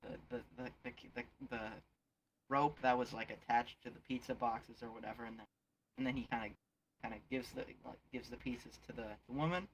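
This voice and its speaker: A man's voice: mid-range voice, fairly even intonation, fairly quick, slight background noise. Rambling young man retelling a scene. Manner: rambling, many fillers and restarts. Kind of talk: casual retelling of a movie scene. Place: online virtual world chat.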